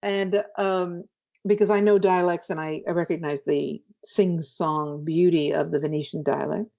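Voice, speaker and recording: A woman guest author being interviewed, telling a vivid personal story in an animated way. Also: on the low side, normal speed, creaky.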